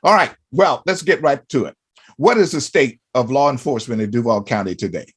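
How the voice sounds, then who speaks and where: A man's voice: mid-range voice, lively intonation, a little fast, breathy edge. A man hosting an interview show, asking long, rambling questions full of restarts and fillers. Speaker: host.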